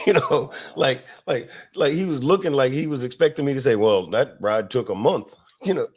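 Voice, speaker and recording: Man, casual podcast host, from Florida, rambling, laughing, filler-heavy, middle pitch. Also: moderate pace, breathy edge. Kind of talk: casual storytelling chat.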